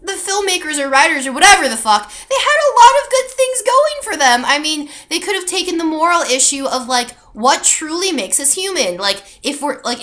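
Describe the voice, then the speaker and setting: A woman's voice: high voice, a bit bright. A young woman ranting in a vlog, exasperated and full of fillers and swearing. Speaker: vlogger. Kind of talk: movie rant vlog.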